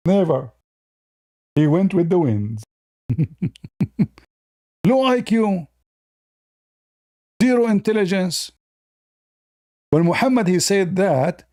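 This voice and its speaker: Sarcastic guy talking religion in broken english, warm-ish tone, bit high. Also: no room sound, studio quality. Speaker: religion commentator. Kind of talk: casual mocking monologue.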